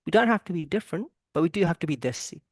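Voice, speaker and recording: A man's voice: a little high, lively intonation, rapid-fire, no echo, studio quality. Rambling, emphatic man hosting a podcast. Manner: rambling, emphatic, calls guests bro. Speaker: podcast host. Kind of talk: casual podcast chat. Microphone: video call.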